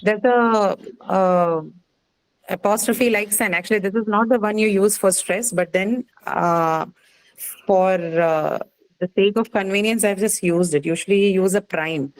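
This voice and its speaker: A woman's voice: medium pitch, measured pace, rough recording. Woman teaching a class. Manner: explains step by step, checks with frequent "right?". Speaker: English phonetics teacher. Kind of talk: classroom lecture.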